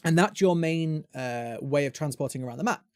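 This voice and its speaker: A man's voice: fairly high pitch, brisk, no room sound. A British man hosting a gaming podcast, chatting casually and rambling with frequent restarts. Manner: chatty, rambling, self-interrupting. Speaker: podcast host. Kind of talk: casual chat.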